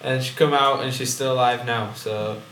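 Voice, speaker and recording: Young man, podcast co-host, dry deadpan humor, mid-pitched, roomy echo. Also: moderate pace. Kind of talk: casual comedic chat. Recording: echoey room with faint hiss.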